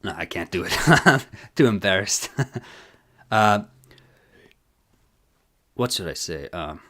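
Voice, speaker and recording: A man's voice: low-pitched, animated, slow, bright, forceful tone. Nasal, self-deprecating streamer man. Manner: self-deprecating, giggly, rambling with fillers. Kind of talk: live reaction stream chat.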